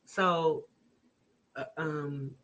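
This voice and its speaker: A woman hosting a reaction vlog, chatting casually with her live chat in an animated, exclamatory way and often restarting her sentences. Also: deep voice, very slow. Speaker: vlog host reacting to a video.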